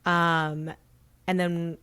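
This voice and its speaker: A woman's voice: fairly low pitch, level tone, very slow, sharp tone, clear, resonant tone, no echo. A woman co-hosting a podcast, talking casually with an upbeat, rambling manner. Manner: upbeat, rambling, many fillers and restarts. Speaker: podcast co-host. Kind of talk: casual chat.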